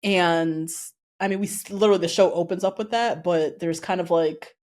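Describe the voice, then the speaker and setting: A woman co-hosting a podcast, recapping a TV show in casual chat, animated, laughing often and swearing casually. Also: on the low side, moderate pace. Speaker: podcast co-host.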